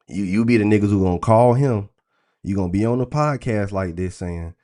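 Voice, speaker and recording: A man hosting a livestream, talking in a blunt, crude, animated rant full of profanity. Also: fairly low pitch, brisk. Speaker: trading stream host.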